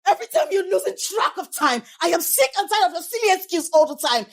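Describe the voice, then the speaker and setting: A woman's voice: very high voice, sing-song, fast, vocal fry, full character voice. An actress with a Nigerian accent playing a young wife who is angry at her husband for neglecting her, heated and accusing. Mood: bitter. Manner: heated, accusing, repeating herself. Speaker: actress in a film. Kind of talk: film drama acting.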